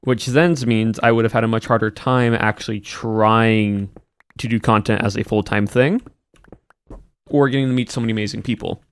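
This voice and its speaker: A man with a somewhat low voice chats casually on a live stream. He rambles a little and restarts his sentences as he responds to viewers. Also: fairly even intonation, moderate pace, clear, resonant tone. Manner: chatty and rambling. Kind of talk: casual stream chat, answering chat.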